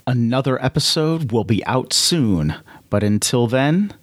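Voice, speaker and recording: A man narrating a solo tabletop game at an unhurried pace, in a middle-pitched voice. He pauses to think and restarts his sentences. The recording is dry and close. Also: lively intonation, no echo. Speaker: podcast host and solo game player.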